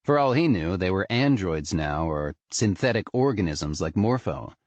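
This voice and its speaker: A man narrating an audiobook in an expressive, storytelling manner. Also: deep voice, moderate pace, no room sound. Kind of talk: scripted narration.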